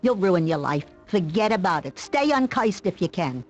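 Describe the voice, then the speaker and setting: A man's voice: high-pitched, sing-song, moderate pace, soft background music, pitched above the performer's own voice, low-quality recording. A man voicing an old female gypsy fortune teller, a nagging, sarcastic grandmother with a mock Yiddish accent, for a video game playthrough. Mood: kvetching. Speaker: streamer voicing game characters.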